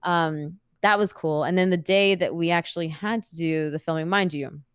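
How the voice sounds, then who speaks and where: A woman in her thirties, a podcast guest, tells a story with a lot of energy, laughing easily and filling pauses with "like" and "um." Her voice sits fairly low for a woman, and the recording is dry and close. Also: smooth, no echo. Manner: animated, laughing often, many fillers. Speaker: podcast guest, wrestler and actor. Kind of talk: casual storytelling interview.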